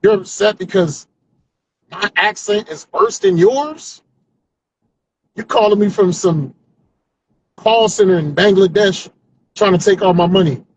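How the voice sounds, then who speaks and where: A man's voice: high voice, measured pace, pauses often, slight background noise, low-quality recording. A male comedian trying out new stand-up jokes without notes, rambling and talking to himself, often ending lines with "man". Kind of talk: stream-of-consciousness stand-up practice. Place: car on commute.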